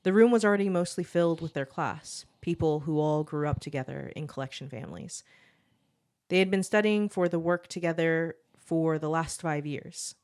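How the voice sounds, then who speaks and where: A woman co-hosting a podcast, reading her own original story aloud in a steady storytelling voice, then chatting and laughing with her co-host. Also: low voice, normal speed. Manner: steady storytelling read, laughs often in chat.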